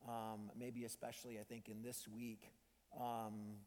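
A man's voice: fairly low pitch, monotone, unhurried, darkish tone, in a large hall. A man preaching a sermon in a conversational way, with frequent ums and restarts. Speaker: pastor.

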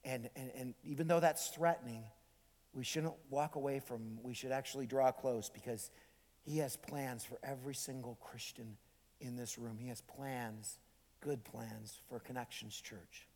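A male pastor preaching a sermon in a church, swinging between loud emphatic lines and hushed near-whispers. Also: medium pitch, steady tone, unhurried, in a large hall. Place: church sanctuary.

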